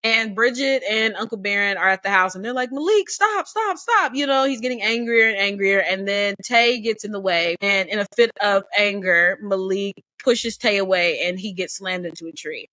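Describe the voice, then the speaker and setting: A woman co-hosting a casual book club discussion, animated and opinionated, acting out the characters' lines as she talks. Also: medium pitch, normal speed, few pauses, no echo, clean studio sound.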